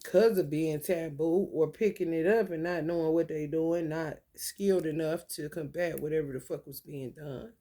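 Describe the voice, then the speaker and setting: A woman talking casually to her viewers, telling animated, profane stories with frequent laughter. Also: deep voice, moderate pace, hardly any pauses. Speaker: spiritual talk host.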